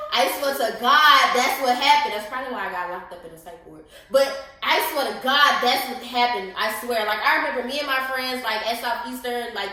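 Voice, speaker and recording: A young woman co-hosting a podcast, telling a story in casual, profane, animated chat and acting out other people's lines. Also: on the high side. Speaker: podcast co-host. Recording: echoey room.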